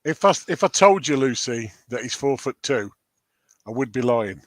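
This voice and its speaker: Teasing co-host reading chat. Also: male voice, mid-range voice, expressive, moderate pace, no room sound. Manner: playful, teasing, reads out chat. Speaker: co-host reading viewer comments. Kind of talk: casual live-stream chat.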